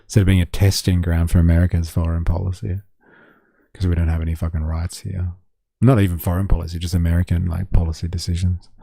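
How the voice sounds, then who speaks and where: Australian man, gravelly low voice, dry close sound, sardonic stream commentary. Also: level tone, fast, dark tone, dry recording. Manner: sardonic, swearing, reads chat aloud. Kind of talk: casual live-stream commentary.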